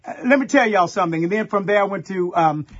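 Quick-paced and slightly rough, this high-pitched middle-aged pastor from Texas tells folksy stories in his sermon while speaking straight to the congregation. The recording sounds muffled.

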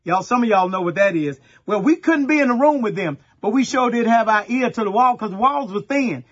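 A middle-aged pastor from Texas, preaching a sermon in a folksy storytelling way and talking straight to the congregation. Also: male voice, sits high, animated, a little fast, muffled recording.

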